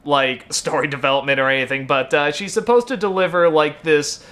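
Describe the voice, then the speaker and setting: Brisk and steady, with a slightly high, fairly bright voice, this thirtysomething web show host talks casually and off the cuff to the camera. He wanders through fillers and corrects himself often, growing heated about minor moments.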